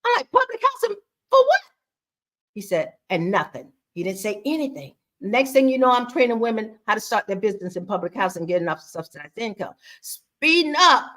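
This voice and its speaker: Bright, animated woman in her sixties. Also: fairly high pitch. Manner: animated, acts out quoted dialogue with her own voice. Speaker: guest speaker on faith and mother-daughter bonding. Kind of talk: conversational personal storytelling.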